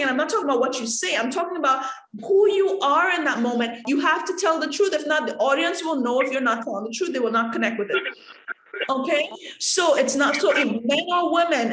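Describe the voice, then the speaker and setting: A woman's voice: sits high, slight background noise. A woman from the Caribbean teaching an acting workshop, talking straight to the room and acting out examples as she goes. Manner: animated, talks to the room, acts out examples. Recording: echoey room.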